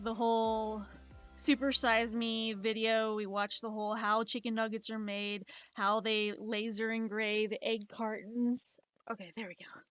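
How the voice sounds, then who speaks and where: A woman's voice: on the high side, fairly bright tone. Chatty young woman telling rambling stories. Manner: rambling storytelling, lots of "like" and "um". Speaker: streamer. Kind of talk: casual chat while drawing on a live stream.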